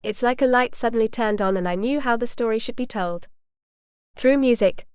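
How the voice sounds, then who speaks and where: A woman's voice: on the high side, normal speed, clean tone, dry recording, clean studio sound, close to an everyday voice. A woman reading the part of an enthusiastic male filmmaker, a charming showman who talks with eager, theatrical flourish.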